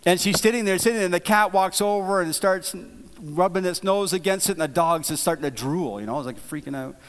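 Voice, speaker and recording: A man preaching a sermon, telling a folksy story in a relaxed, conversational way, with frequent restarts and repeated words. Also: high-pitched, brisk, smooth. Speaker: pastor. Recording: long hall reverb.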